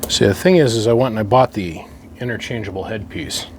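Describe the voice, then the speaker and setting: There's a slight hiss or hum as a middle-aged man speaks briskly in a lowish voice. A radio hobbyist working on an amplifier, he rambles casually to himself, wry and complaining as the equipment refuses to cooperate.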